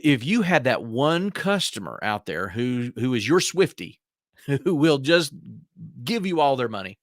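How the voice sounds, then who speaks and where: A man's voice: mid-range voice, a bit bright, no room sound, clean studio sound. A man with a rural American accent giving a folksy business training lecture, asking rhetorical questions and repeating key points. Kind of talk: instructional lecture.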